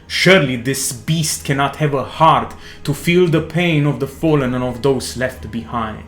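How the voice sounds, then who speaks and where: A man, narrating a tabletop game as game master in a slow, dramatic second-person style. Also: medium pitch, fairly bright tone, roomy sound, soft background music.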